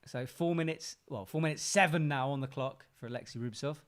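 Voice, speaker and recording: An English man co-hosting a live watch-along, commenting casually on a climbing competition with jokey asides. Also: mid-range voice. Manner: chatty, jokey, quick asides and laughs. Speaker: co-host reacting to a climbing event.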